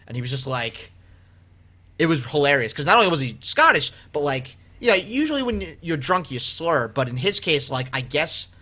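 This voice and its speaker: A male podcast host who rambles through stories with animated energy and plenty of fillers. His voice is bright and sits a little high for a man. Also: moderate pace. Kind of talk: casual comedy podcast chat.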